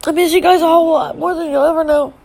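High gravelly-voiced middle-aged woman. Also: fairly even intonation, a little mellow, low-quality recording. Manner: halting, tearful, with sighs and restarts. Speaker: live streamer. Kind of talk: emotional personal message on a live stream.

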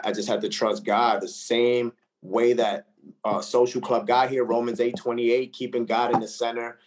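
A man, a recording artist, talking casually and earnestly in an interview, reflecting on how he writes, with lots of "like" and "man" fillers. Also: mid-range voice.

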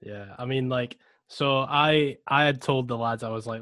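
A young Scottish man co-hosting a casual podcast, telling stories in an animated way, full of slang. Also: medium pitch, moderate pace, no room sound. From Scotland. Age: young adult. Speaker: podcast co-host. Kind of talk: casual chat.

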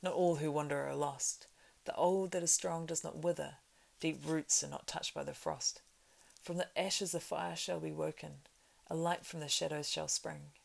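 A woman voicing an impatient old male hobbit in a read-aloud story, brisk and reciting verse. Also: sits low, steady tone, creaky, exaggerated voice.

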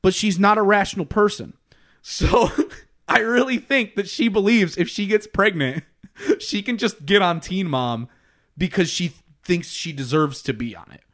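A man's voice: high voice, moderate pace, fairly bright tone. A young man co-hosting a podcast, chatting casually in a rambling way, with lots of "like", swearing and laughter. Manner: rambling, heavy use of "like", swears and laughs often. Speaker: podcast co-host. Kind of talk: casual chat.

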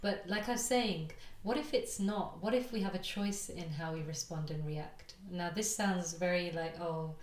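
A woman appearing as a guest on a podcast, calmly explaining ideas with lots of fillers. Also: lowish voice, normal speed, few pauses. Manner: reflective, explanatory, with many fillers. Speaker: guest coach. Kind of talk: casual interview chat. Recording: echoey room.

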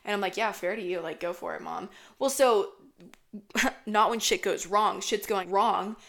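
A woman's voice: medium pitch, a little slow. Profane young woman telling a rambling story. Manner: profane, rambling, animated retelling. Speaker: podcast host. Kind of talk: casual storytelling.

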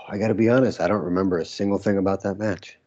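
Male guest, deep and husky, easygoing storyteller; muffled lo-fi sound. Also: fairly even intonation, quick pace, a little mellow. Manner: laid-back storyteller, laughs often. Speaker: former pro wrestler guest. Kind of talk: casual interview recollection.

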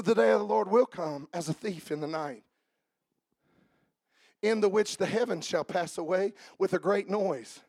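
Male pastor in his forties, high voice, dry close sound; preaches with shouted peaks and soft asides. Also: dry recording. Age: 40s. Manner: shouting and half-singing at climaxes; quiet conversational storytelling. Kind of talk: sermon. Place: church.

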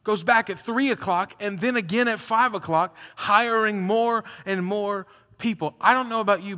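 A man preaching a sermon in an animated, conversational way, acting out the story as he goes. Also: fairly high pitch. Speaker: pastor. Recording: long hall reverb.

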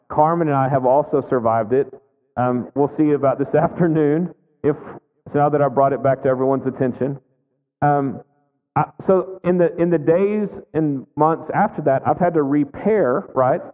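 A man in his thirties preaches to his congregation in a loose, chatty way, tossing in "right?" to keep listeners with him. His voice sits a little high for a man. The sound is thin and phone-like, with a long echo trailing off through a big hall. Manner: conversational, frequent "right?" asides. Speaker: pastor. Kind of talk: sermon with personal story.

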